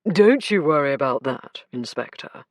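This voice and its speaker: A woman voicing a calm, dry male chief inspector in an audiobook. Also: a bass voice, moderate pace, no room sound, voice pushed down, exaggerated voice.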